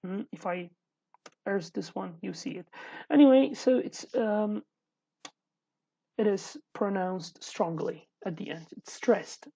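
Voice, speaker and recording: A woman's voice: medium pitch, vocal fry, mellow. A woman teaching a casual online language lesson, explaining patiently and repeating each word, with as her language, in a dull lo-fi home recording. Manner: explains patiently, often pausing and repeating words.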